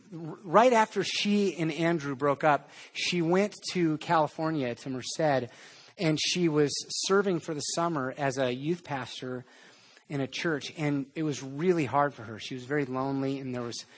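Husky, animated male preacher. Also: fairly high pitch. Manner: animated storytelling, conversational. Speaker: pastor. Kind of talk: sermon.

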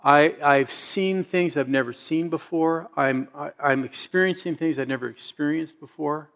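A man's voice: fairly high pitch, normal speed, vocal fry, a bit bright. A middle-aged man preaching a sermon as a pastor, telling stories in a conversational way and building to emphatic exhortations.

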